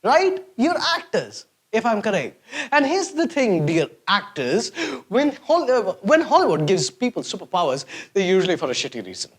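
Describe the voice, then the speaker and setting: A man's voice: sits high, wildly swooping pitch, normal speed, slightly rough. A man hosting a sarcastic, mocking comedy rant to camera. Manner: sarcastic, mocking, exaggerated swings of voice. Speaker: host.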